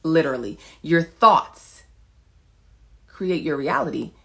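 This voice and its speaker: A woman's voice: low voice, lively intonation, slow, creaky, sharp tone. A woman wellness coach giving an emphatic, preachy motivational monologue to her followers, repeating short commands. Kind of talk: motivational social media monologue.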